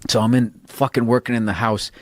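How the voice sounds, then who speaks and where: A man's voice: mid-range voice, little pitch movement, a little fast, no room sound, clean studio sound. A man hosting a casual podcast chat, swearing freely and laughing through his stories. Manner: profane, storytelling, laughs a lot. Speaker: podcast host.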